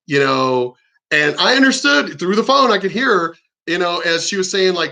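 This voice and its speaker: A man's voice: on the high side, very animated, brisk, gravelly, sharp tone. A man telling stories and ranting in a blunt, profane, combative monologue. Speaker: vlogger.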